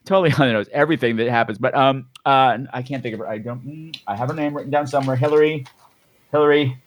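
A man's voice: mid-range voice, fast, slight background noise. A man co-hosting a podcast in casual chat, sarcastic and rambling, swearing freely. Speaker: podcast co-host.

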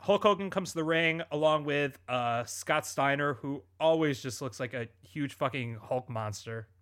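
Bright-voiced man in casual chat. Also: on the high side, moderate pace. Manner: animated, does mocking voices of people he retells. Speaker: podcast co-host. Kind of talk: casual chat recapping wrestling.

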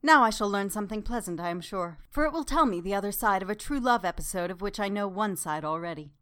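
An earnest, gentlemanly doctor speaks in grave, measured sentences, as a woman reader voices him. His phrasing is formal and old-fashioned, set at an ordinary pitch for her voice. It plays like a chapter of a classic audiobook. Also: expressive, clean tone, natural voice. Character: earnest, courteous middle-aged male doctor.

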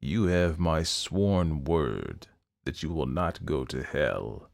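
Smug, menacing storybook devil, deep and unhurried, as a male narrator plays him. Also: expressive, gravelly, heavily acted. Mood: grudging. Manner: low and measured.

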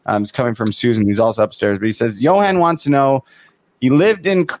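A man's voice: medium pitch, steady tone, fairly quick, a little mellow, no echo. A man hosting a podcast, talking in a loose, chatty way with lots of fillers and restarts. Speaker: podcast host. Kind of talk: casual interview chat.

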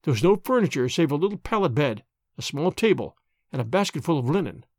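Pitched a little high, this male voice reads an audiobook in a measured, expressive storytelling style. There's no room sound, and the recording is studio quality.

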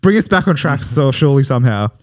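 A man's voice: mid-range voice, fast, dry recording, clean studio sound. A man with an Australian accent co-hosting a casual podcast, teasing and laughing a lot during a word game. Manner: laughing often, teasing, lively. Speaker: podcast co-host. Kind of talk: casual banter while playing a word game.

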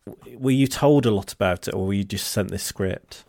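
Low, gravelly male interviewer. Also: moderate pace, darkish tone, dry recording, clean studio sound. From Britain. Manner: eager, stammers when asking questions. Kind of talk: casual interview.

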